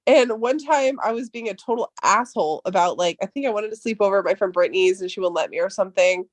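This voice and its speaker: A woman's voice: medium pitch, fast, dry recording. A woman in her thirties chatting casually as a podcast co-host, telling rambling stories full of swearing. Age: 30s. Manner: profane, rambling storytelling. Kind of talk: casual chat.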